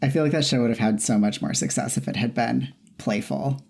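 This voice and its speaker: A woman co-hosting a podcast, chatting casually in a matter-of-fact way, often chiming in with quick agreement. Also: very deep voice, creaky, darkish tone, husky. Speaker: podcast co-host. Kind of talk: casual chat.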